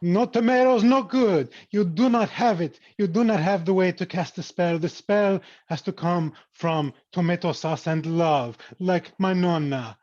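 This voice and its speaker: A man's voice: high voice, unhurried, few pauses, a little mellow, lo-fi sound. A man playing a scolding male wizard teacher with a put-on Italian accent in an improv comedy scene. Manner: scolding and exasperated.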